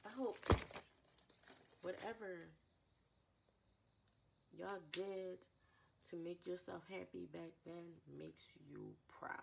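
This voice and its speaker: Twenties woman, low gravelly voice, raw heartfelt confessional vlog with repeated phrases. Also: steady tone, very slow, long pauses. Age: 20s. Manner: raw, emotional, repeats phrases, sighs between thoughts. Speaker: vlogger.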